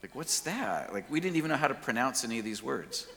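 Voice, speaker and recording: A man telling his personal story in a casual, slangy, lively way. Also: mid-range voice, very fast, gravelly, long reverb tail, a little hiss or hum. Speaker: speaker sharing his testimony.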